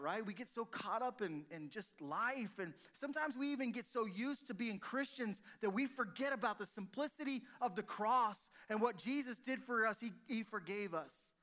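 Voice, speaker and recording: A man's voice: sits high, a bit bright. A man preaching a sermon to his congregation, addressing listeners at home as well, often with rhetorical questions. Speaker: pastor. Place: church service, streamed to listeners at home.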